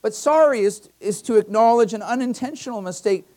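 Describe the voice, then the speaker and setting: In a church, a male pastor delivers a conversational sermon full of personal anecdotes, emphatically repeating key phrases. His voice is high-pitched, brisk, and a little mellow.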